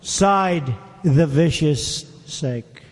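A man's voice: on the high side, drawn-out words. A man giving a rally speech, reading a poem aloud with emphatic, repeated phrases and questions to the crowd. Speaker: political speaker. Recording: long reverb of big hall.

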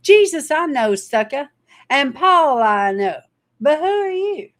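A woman's voice: high voice, big pitch swings, slow pace, fairly bright tone, voice pushed up, heavily acted. A woman voicing a mocking evil spirit that talks back to an exorcist, in a taunting, scornful manner.

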